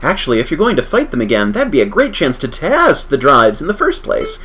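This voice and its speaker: A man's voice: mid-range voice, wildly swooping pitch, a little fast, fairly bright tone, slight background noise. A man voicing a chatty female scientist in a friendly, rambling way, close to his own voice.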